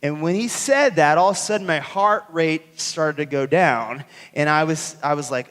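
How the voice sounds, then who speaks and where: A male pastor preaching a sermon, telling a personal story with lively acted-out dialogue. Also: a little high, normal speed, hardly any pauses. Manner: animated storytelling, acts out dialogue. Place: church sanctuary. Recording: church hall reverb.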